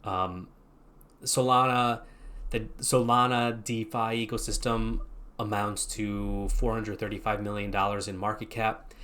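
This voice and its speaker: A man's voice: fairly low pitch, fairly even intonation, unhurried, pushed and bright. A man hosting his own channel, casually explaining a website on a screen share while thinking aloud in a loose, meandering way. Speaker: channel host.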